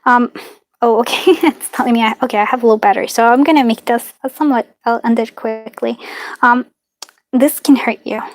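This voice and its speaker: A woman doing a live card reading, talking in a warm, chatty, reassuring way with lots of fillers and little laughs. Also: fairly high pitch, fairly quick, dry recording. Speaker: tarot and charm reader.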